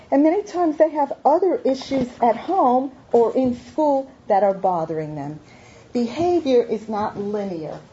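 A woman's voice: mid-range voice, mellow. A woman who gives IQ tests in schools, giving a talk to parents, emphatic and repeating her key points with rhetorical questions. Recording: dull lo-fi recording with faint noise.

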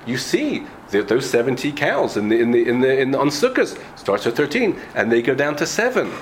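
A man's voice: mid-range voice, a little fast, a little hiss or hum. A man giving a Talmud lecture, explaining step by step, rising to questions and often restarting phrases. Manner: animated, rising to questions, frequent restarts and coughs. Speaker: Torah teacher.

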